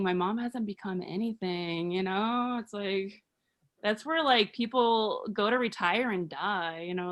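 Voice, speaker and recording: A woman's voice: mid-range voice, sharp tone. A woman in her thirties from Arizona doing a rambling, self-deprecating stand-up comedy set. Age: 30s.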